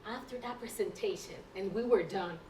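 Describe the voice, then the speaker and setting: Brief: woman, personal storytelling talk, lively with restarts, mid pitch, roomy sound, mic far off. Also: normal speed, slight background noise. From Puerto Rico. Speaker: guest speaker, nurse.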